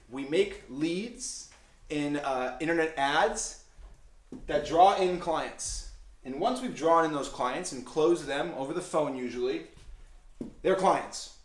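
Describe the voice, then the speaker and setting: Young man, animated storyteller, profane, slightly high voice, echoey room. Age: young adult. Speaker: vlogger and insurance agency owner. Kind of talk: casual storytelling to camera. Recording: roomy echo.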